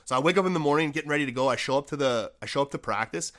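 A man's voice: fairly high pitch, racing. A man, a former hockey player turned coach, telling a rambling story on a podcast with lots of "like" fillers. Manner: rambling, animated, many "like" fillers.

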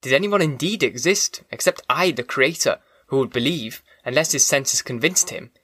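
A man narrating a classic novel as an audiobook, in a measured literary reading, then speaking more casually as he signs off. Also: medium pitch, fairly bright tone, dry recording, clean studio sound.

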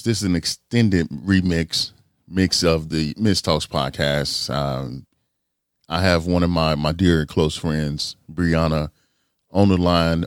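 A man hosting a podcast in a casual, drawn-out talking manner. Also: low voice, no room sound, studio quality. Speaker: podcast host.

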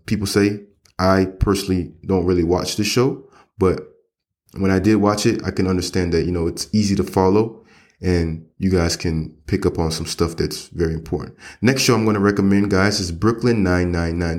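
A man's voice: low voice, fairly even intonation, normal speed, darkish tone. A man hosting an English-learning podcast, talking in a casual, rambling way with many fillers and restarts. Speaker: English teacher and podcast host. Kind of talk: casual spoken lesson.

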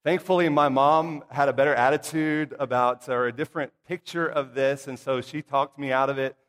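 A middle-aged man preaching a sermon to his congregation, telling childhood stories in a folksy, humorous way with lively asides. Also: medium pitch, moderate pace. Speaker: pastor or church minister. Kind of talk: casual storytelling sermon. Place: church sanctuary. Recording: long hall reverb.

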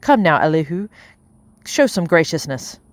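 A woman's voice: deep voice, big pitch swings, moderate pace, dry recording. A woman voicing an impatient, haughty lady of the house who speaks sharply and imperiously.

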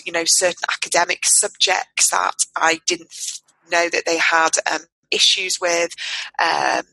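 Podcast guest, woman, lowish and bright voice, earnest, halting, restarts a lot. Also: dry recording, low-quality recording. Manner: earnest, with many restarts and fillers. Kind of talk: casual podcast conversation. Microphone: podcast microphone.

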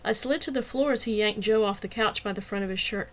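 A woman narrates a novel in the first person, reading with a steady, expressive delivery. Her voice sits at a middle pitch for a woman. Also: fast talker, rough recording. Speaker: audiobook narrator.

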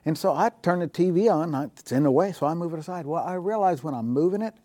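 A man's voice: fairly high pitch, lively intonation, fast, dark tone, no echo. A man, a guest on a Christian talk show, telling a personal story in a casual, anecdotal way with the occasional chuckle. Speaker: guest telling faith stories.

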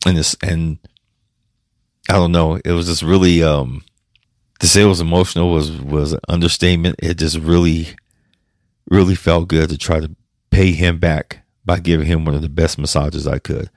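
A man hosting his own podcast, talking emotionally and haltingly with restarts, choked up and close to tears. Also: low-pitched, level tone, darkish tone, dry recording. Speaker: podcast host. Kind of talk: personal podcast monologue.

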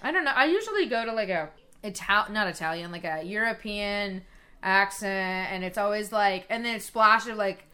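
A woman's voice: mid-range voice, lively intonation, moderate pace, sharp tone. A woman co-hosting a podcast, chatting casually and swearing freely. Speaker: podcast co-host. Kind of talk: casual chat.

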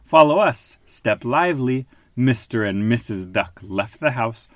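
A man hosting a podcast with his child, reading a picture book aloud in an animated, playful way. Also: medium pitch, measured pace, no echo. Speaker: father and podcast host.

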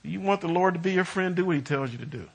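Halting man teaching scripture. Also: high voice, animated, vocal fry. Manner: halting, with fillers and restarts, rising with emphasis on key words. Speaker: Bible teacher. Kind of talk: Bible study sermon.

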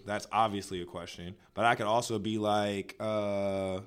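A man's voice: fairly low pitch, steady tone, normal speed, clear, resonant tone. A young man chatting casually as a podcast co-host, loose and slangy, full of filler words. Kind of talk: casual chat.

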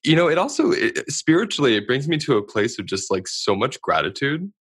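A man hosting a casual conversation, effusive and quick to laugh. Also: medium pitch, very animated, husky. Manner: warm, effusive, laughs often. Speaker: podcast host. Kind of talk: casual chat.

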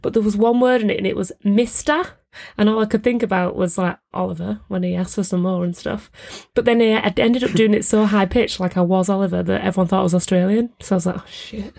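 A woman's voice: mid-range voice, steady tone, quick pace, vocal fry, few pauses, a little mellow. A woman with a mid-range voice chats as a podcast co-host. She teases her partner and laughs easily, talking in a loose, chatty way. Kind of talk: casual chat.

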